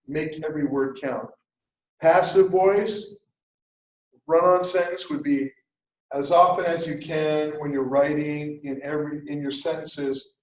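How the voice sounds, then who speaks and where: A man with a slightly higher voice lectures on academic writing to a class, talking in a lively, conversational way and throwing in jokey asides. The sound is roomy, with the echo of a classroom around him. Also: a little hiss or hum. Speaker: writing instructor.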